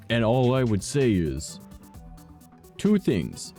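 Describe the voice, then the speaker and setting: In casual gaming chat, a young man tells long, meandering stories, swears a lot, laughs at his own jokes, and keeps asking "right?" and "all right?". His mid-range, warm voice swoops wildly in pitch at a slow pace, with faint game music underneath.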